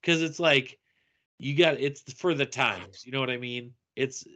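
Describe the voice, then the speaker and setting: A man co-hosting a casual podcast chat, playful and quick to laugh. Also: mid-range voice, a bit bright. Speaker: podcast co-host.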